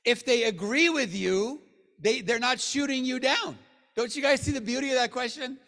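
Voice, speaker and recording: A man giving a motivational sales training talk to a room of people, joking, and swinging between low mutters and loud bursts. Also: animated, moderate pace. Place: meeting room with an audience. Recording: long hall reverb.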